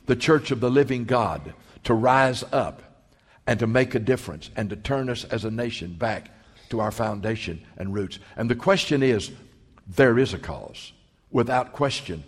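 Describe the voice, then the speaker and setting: A man's voice: mid-range voice, husky. A man preaching a sermon as pastor, emphatic, rising and dropping his voice for effect. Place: church sanctuary. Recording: long hall reverb.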